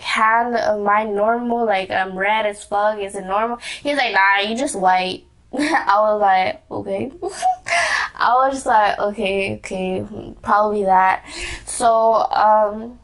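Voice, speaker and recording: Give me a giggly, rambling young woman with a slightly high voice telling a storytime vlog. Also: a bit bright. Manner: rambling, lots of "like" and restarts, giggly. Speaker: vlogger. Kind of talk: casual storytime chat.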